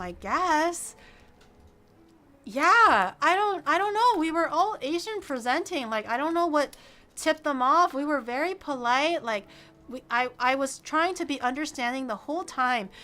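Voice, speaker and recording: A young woman streamer telling a story in an animated, casual way, full of "like" fillers and acting out the people in it. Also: high voice. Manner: frequent "like" fillers.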